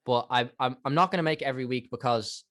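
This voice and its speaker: On a dry recording, a twentysomething man with an Irish accent talks fast at a medium pitch. As a guest on a podcast, he chats casually, spinning animated, rambling stories and voicing other people's lines as he goes.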